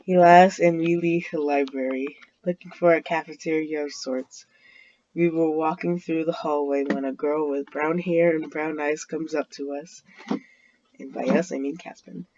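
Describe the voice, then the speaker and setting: A man's voice: on the high side, steady tone, normal speed, a little mellow, dull audio, slight background noise. A man casually reading a fan-fiction story aloud, often breaking off to laugh.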